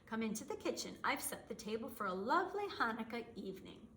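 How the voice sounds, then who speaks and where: A woman's voice: a little high, very animated, fast, a little hiss or hum. Woman putting on a kindly old grandmother. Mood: fussing kindly. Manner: warm, fussing, chatty. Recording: roomy echo.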